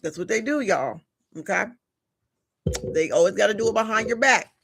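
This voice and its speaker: A woman's voice: mid-range voice, expressive, normal speed, creaky, fairly bright tone, a little hiss or hum. A woman giving a live collective tarot reading, talking casually and directly to her viewers with slang and frequent chatty asides. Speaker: tarot reader.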